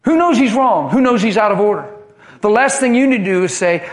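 An impassioned man preaching a sermon, his voice high for a man. He swings between hushed moments and fired-up, loud stretches. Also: fairly quick. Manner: impassioned, animated preaching, rising and falling.

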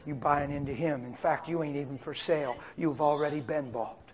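A man preaching to a congregation, animated and conversational, sometimes dropping to a hushed voice to act out a tempting whisper. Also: a little high, fairly quick. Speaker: pastor. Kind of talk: sermon.

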